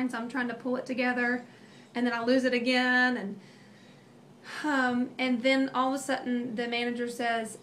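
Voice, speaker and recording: A woman in her thirties tells a family story in a rambling, emotional way, full of fillers and restarts. Her voice sits a little high. Faint background hiss runs under the recording. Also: little pitch movement, normal speed, fairly bright tone. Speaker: mother telling a family story. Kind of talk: casual storytelling.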